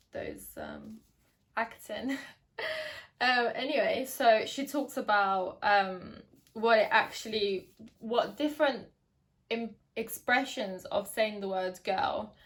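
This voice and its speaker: A young woman giving a casual book review, chatty and hesitant, with many ums and restarts. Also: medium pitch. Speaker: book vlogger.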